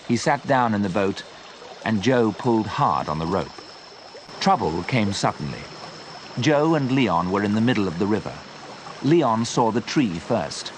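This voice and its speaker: Slow, animated male storybook narrator. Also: on the low side, slight background noise. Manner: slow, clear, simple reading. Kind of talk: scripted storybook narration for learners.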